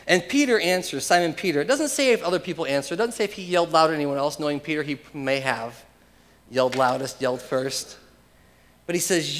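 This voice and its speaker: A male pastor preaching a sermon, emphatic, swinging from loud proclamations to hushed asides. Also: a little high, brisk, big-room sound.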